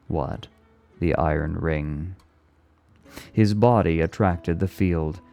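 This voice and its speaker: On stream, a man reads a novel aloud in a very low, mellow voice. He moves through the prose at a steady, deliberate pace, letting the phrasing breathe as he tells the story.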